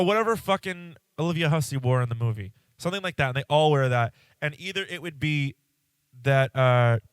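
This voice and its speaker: A congested man with a smooth, medium-pitched voice hosts a podcast solo, chatting casually and rambling. He cuts himself off and swears now and then, and the recording is dry.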